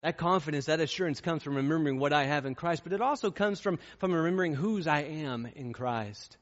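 A man's voice: fairly high pitch, fairly quick, big-room sound, muffled recording. A man preaching a sermon, storytelling and then pressing his points with fervent, rising intensity. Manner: impassioned, rising to fervent peaks.

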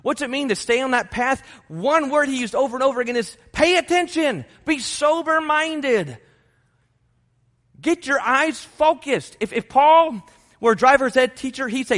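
A man's voice: very high-pitched, expressive, normal speed, a bit bright. A man preaching a sermon to his congregation, emphatic and repeating his key phrases. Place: church sanctuary. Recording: long reverb of a large hall.

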